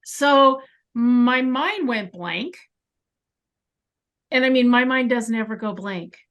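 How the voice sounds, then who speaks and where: This is a woman with a somewhat high voice. She is a guest on an interview show, relating a personal experience from her home bedroom. She lands emphatic asides as she goes and keeps the story animated. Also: slow pace, dull audio. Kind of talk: storytelling in a conversation.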